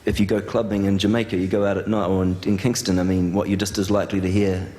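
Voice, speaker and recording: A man's voice: sits low, flat delivery, fast talker, dark tone. A man interviewing a guest on stage, asking hesitant questions with many fillers. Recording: long hall reverb.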